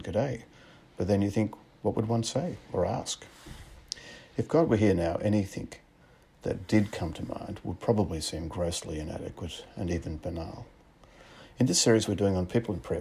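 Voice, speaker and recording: A man with an Australian accent preaching a sermon in a measured, reflective way, asking rhetorical questions. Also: low voice, creaky, dark tone, husky.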